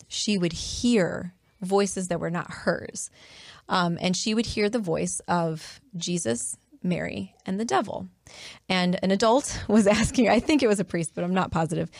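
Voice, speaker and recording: A woman chatting in a relaxed way, telling stories with many fillers and restarts. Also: fairly low pitch, creaky, dry recording, studio quality. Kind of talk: casual conversation.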